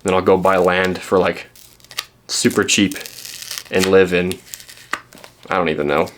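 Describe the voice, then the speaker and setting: Young canadian guy rambling about thrift books, kinda low voice, faint hiss behind. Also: steady tone, measured pace. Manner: rambling, self-deprecating, many ums and restarts. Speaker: book vlogger. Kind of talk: casual chat showing thrifted books.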